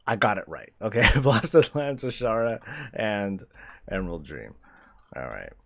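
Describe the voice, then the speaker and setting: A male streamer chatting casually while playing a game, animated, swearing freely and laughing often. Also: on the low side, a little slow, creaky. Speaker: streamer host. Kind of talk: casual gameplay commentary.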